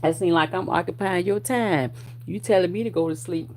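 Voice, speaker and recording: A woman in her forties rants straight at her online audience, swearing freely and daring anyone to argue. Her voice sits a bit low and has a gravelly, fry-laden edge. She talks like she is picking a fight and enjoying it. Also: brisk, a little hiss or hum. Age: 40s. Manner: profane, confrontational, loud bursts of laughter. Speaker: vlogger. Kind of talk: ranting commentary to viewers.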